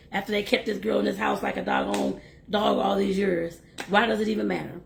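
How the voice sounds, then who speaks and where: A woman reading a novel aloud and breaking off for lively, chatty asides to her listeners. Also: mid-range voice, normal speed, gravelly, slight background noise. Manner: lively, laughs and talks to listeners directly. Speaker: host and reader.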